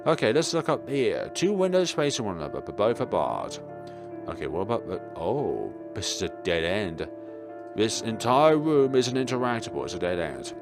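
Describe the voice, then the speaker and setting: Low-voiced man narrating a game. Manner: playful, wry asides. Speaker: gaming video creator. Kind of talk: reading a visual novel aloud with commentary. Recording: game music behind.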